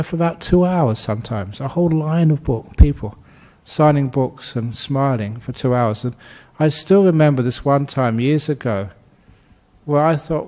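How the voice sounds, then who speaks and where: A man giving a Buddhist dharma talk, telling stories in a gentle, humorous way and laughing often. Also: mid-range voice. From Australia. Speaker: Buddhist monk teacher.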